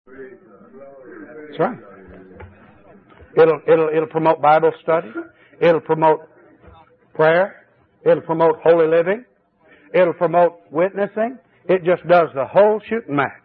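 A man preaching a fervent sermon at a church service, his voice swinging between high exclamations and low, confiding asides. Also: slow, long pauses, husky. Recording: tinny old cassette tape recording.

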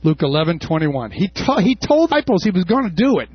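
A male preacher with a high, husky voice that swings widely in pitch, preaching with passion and breaking into shouts. The sound is dry and slightly dull. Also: big pitch swings, quick pace, no echo. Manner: impassioned, with shouted peaks and casual asides. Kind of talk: sermon.

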